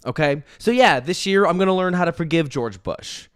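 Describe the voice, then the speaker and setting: Smooth-voiced rambling comic man. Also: a little high, lively intonation, moderate pace, fairly bright tone, dry recording, studio quality. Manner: rambling, self-pitying, breaks into laughter. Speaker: comedian. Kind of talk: deadpan comic monologue.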